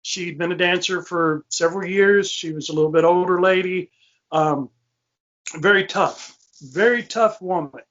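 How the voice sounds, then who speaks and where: Over muffled, lo-fi podcast audio, a man hosts the show and casually tells a ghost story, rambling with many fillers and false starts. His voice is high and a bit bright, and he keeps a measured pace.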